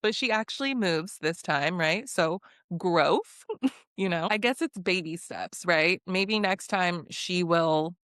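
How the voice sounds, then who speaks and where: A woman's voice: on the low side, takes it slowly, a bit bright, no echo, clean studio sound. A young woman recapping a reality show in a sassy, blunt way, laughing often and acting out what people said. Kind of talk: casual recap vlog.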